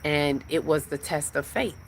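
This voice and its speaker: A woman's voice: deep voice, fairly even intonation, unhurried, slight background noise. A woman hosting a spiritual livestream, teaching in a rhythmic, repetitive preaching cadence.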